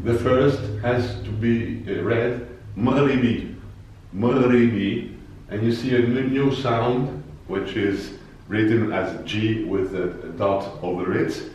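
Slow, careful male Arabic teacher. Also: on the low side, steady tone, a little mellow, a little hiss or hum. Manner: slow, careful, repeats words for learners. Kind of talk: language lesson. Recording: echoey distant room, dull sound.

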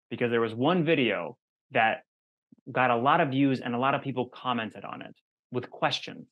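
A man hosting an interview, halting and repeating words, then growing excited. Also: mid-range voice. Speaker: host. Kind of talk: interview conversation.

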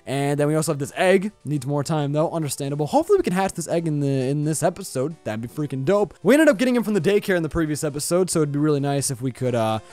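Lively young man hyping his gameplay. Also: fairly high pitch, quick pace, few pauses, no room sound, faint music behind. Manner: energetic, rambling, playful hype. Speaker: YouTube gaming host. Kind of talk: let's play commentary. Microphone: boom arm microphone.

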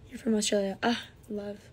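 A woman's voice: medium pitch, a little hiss or hum. A young woman from the United States chatting casually on a phone livestream, reading comments aloud and answering them.

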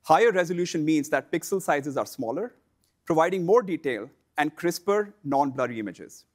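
Measured and explanatory, a man with a fairly high, expressive voice walks online sellers through a scripted instructional lesson.

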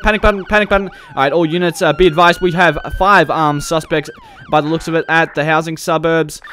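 A man with a bright, somewhat high voice narrates a police roleplay game as he plays. He chats and jokes along the way, laughs easily, and switches to barking orders at suspects. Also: smooth. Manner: chatty and joking, laughs often, barks commands at suspects. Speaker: gaming video creator. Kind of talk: gameplay commentary during police roleplay.

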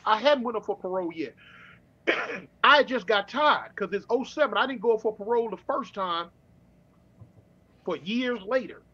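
A middle-aged man from California telling his story in casual street slang, with halting restarts, over a dull remote call. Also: high-pitched, animated, sharp tone. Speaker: guest.

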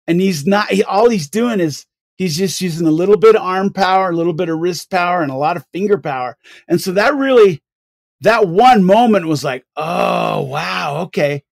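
An older man, a guest on a podcast, telling rambling, animated stories with many restarts. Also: high voice, fairly quick, no echo, studio quality. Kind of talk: casual interview storytelling.

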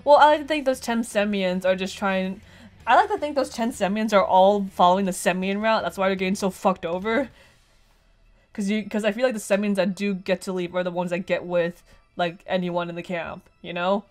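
A woman's voice: medium pitch, steady tone, fairly quick, soft background music. A young woman casually commenting on a visual novel game she is playing, rambling and swearing freely. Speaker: let's play gamer.

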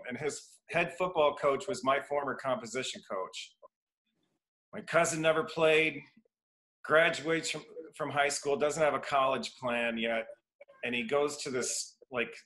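A guest educator in his fifties from Iowa, United States, chats on a podcast, spinning long anecdotes packed with restarts and acted-out quotes in a casual storytelling interview. His ordinary-pitched voice is bright and forceful, and the room adds a noticeable echo.

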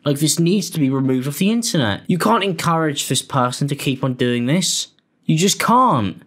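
A man's voice: a little high, animated, normal speed, fairly bright tone. A young British man giving blunt, sweary, exasperated commentary as the host. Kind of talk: angry commentary.

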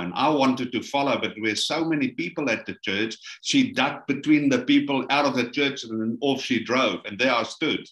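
A man's voice: medium pitch, normal speed, hardly any pauses. A middle-aged man with a South African accent recounts his testimony as a guest. He slips into the voices of the people he quotes, and the room has an echo. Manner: animated storyteller acting out quoted voices. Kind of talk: storytelling interview.

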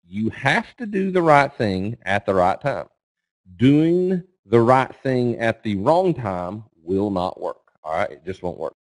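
A middle-aged man from Eastern Kentucky, US, with a Kentucky accent, gives a folksy, casual webinar presentation as a guest speaker on trading, checking in with "okay?" and "right?". His mid-range voice is a little mellow, and the recording is dry.

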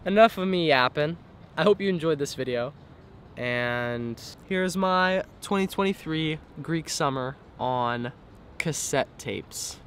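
A man's voice: fairly high pitch, lively intonation, slow, slight background noise. A young man vlogging casually from a sailboat, rambling and jokey, his nose still stuffy from a cold. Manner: laid-back, rambling, jokey. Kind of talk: casual vlog talk to camera. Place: aboard a sailboat.

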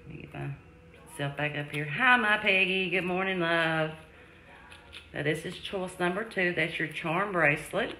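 A woman hosting a live jewelry sale, chatting warmly with viewers and calling them sweetie, love and darling. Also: fairly low pitch, a little slow, a little hiss or hum. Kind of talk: live-stream selling chat. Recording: echoey room.

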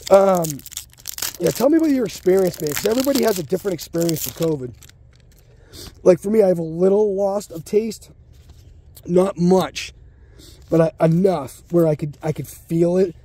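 A man's voice: sits high, normal speed, long pauses, mellow, slight background noise. Sick man muttering through pack openings. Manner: rambling, crude, muttering under his breath. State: sick, short of breath. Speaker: card-opening channel host. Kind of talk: casual pack-opening commentary. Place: home basement room.

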